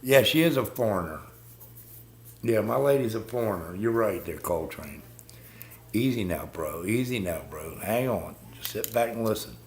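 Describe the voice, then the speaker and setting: A man's voice: lowish voice, lively intonation, normal speed, slight background noise. A man hosting a live stream, ranting bluntly and swearing constantly as he talks to viewers about politics.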